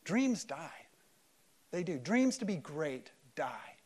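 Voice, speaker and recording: A man preaching an Easter sermon at a church service, swinging between loud emphatic peaks and hushed, quiet lows. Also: big pitch swings, takes it slowly, breathy edge. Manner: acts out quoted voices in prayer-like dialogue. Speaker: pastor.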